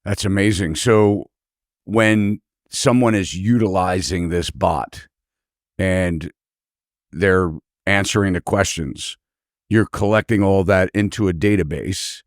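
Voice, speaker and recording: A man's voice: deep voice, slow pace, dry recording, studio quality. A man hosting an interview, asking loose, rambling questions with plenty of fillers. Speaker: real estate broker host. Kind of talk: casual interview.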